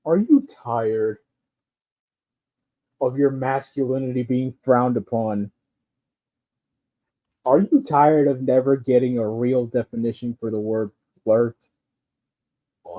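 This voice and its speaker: A man putting on a slick male lawyer's TV-ad pitch, drawn out and salesy, from a dull lo-fi recording. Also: slow pace, pauses often, no echo, lightly acted.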